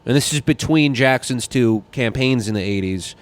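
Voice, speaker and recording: Heated male podcast co-host, smooth voice. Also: mid-range voice, normal speed. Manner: heated, rambling, many restarts. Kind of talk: casual political podcast chat.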